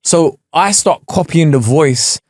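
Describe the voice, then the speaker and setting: A young man co-hosting a podcast, chatting in an animated, giggly way. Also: a little high, takes it slowly, no echo, clean studio sound. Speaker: podcast co-host. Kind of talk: casual chat.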